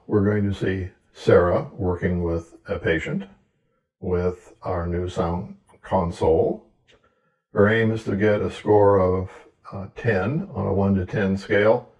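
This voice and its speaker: A man who researches hearing, giving a measured, explanatory scripted lecture. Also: low-pitched, creaky, darkish tone, breathy edge, highs cut off.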